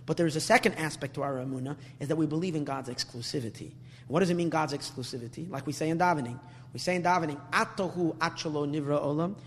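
A man's voice: a little high, animated, fast, slightly rough. A man giving a Torah class, earnest and searching for words, often repeating himself and mixing in Hebrew terms. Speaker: rabbi teaching Torah. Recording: long reverb, faint hum.

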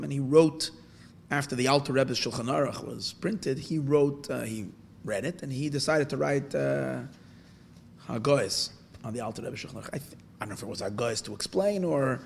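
A man teaching a Torah lesson through a story. He talks in a halting way with frequent restarts, and he asks questions and then answers them himself. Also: mid-range voice, vocal fry, a little hiss or hum.

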